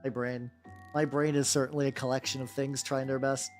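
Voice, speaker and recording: Painting miniatures on stream, this VTuber talks a little fast in a level tone at medium pitch, rambling and joking with plenty of "like"s and restarts. Faint music plays in the background.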